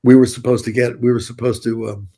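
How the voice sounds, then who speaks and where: A man's voice: medium pitch, little pitch movement, quick pace, dark tone, slight background noise. An older man, telling rambling, blunt, profane stories as an interview guest. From New York City. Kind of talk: casual storytelling interview.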